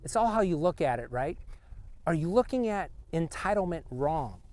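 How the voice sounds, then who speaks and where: A middle-aged man hosting an energetic motivational talk outdoors on a golf course, speaking punchily and directly to the viewer. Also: on the high side, moderate pace. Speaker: host. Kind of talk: motivational monologue.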